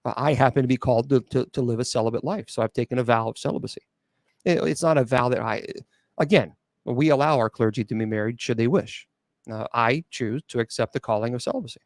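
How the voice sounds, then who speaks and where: A man's voice: medium pitch, fast talker, dry recording, studio quality. A middle-aged man hosting a live call-in show as a bishop, answering chat questions bluntly and sarcastically, with many restarts and filler sounds. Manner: blunt and sarcastic, mocking doubters in mimicked voices. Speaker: radio show host and exorcist bishop.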